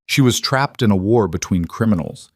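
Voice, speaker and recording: A man narrating a scripted romance story in an even, steady manner. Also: lowish voice, moderate pace, dry recording, clean studio sound.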